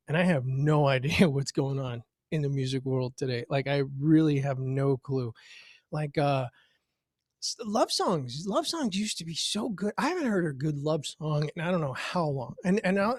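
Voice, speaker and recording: A man doing a stand-up comedy set from home over a video call, animated, jumping up in pitch for the voices he quotes. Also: no echo, clean studio sound. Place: home, virtual show.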